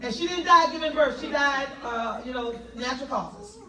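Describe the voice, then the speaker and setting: A woman from South Carolina with a Southern accent, telling her life story to an audience in an animated way and drawing answers from the crowd. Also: sits high, normal speed, echoey room, far from the mic, rough recording. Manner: animated, laughing, call-and-response with the crowd. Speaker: motivational speaker. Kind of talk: testimony speech to an audience.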